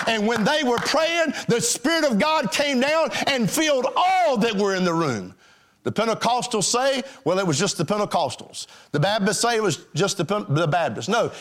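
A man preaches to his congregation in a high, animated voice. He is emphatic and calls out questions to the church. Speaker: pastor. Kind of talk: sermon.

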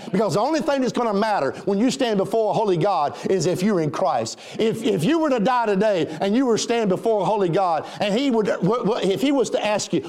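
A man's voice: high-pitched, darkish tone. A man preaching an emphatic sermon and calling for amens.

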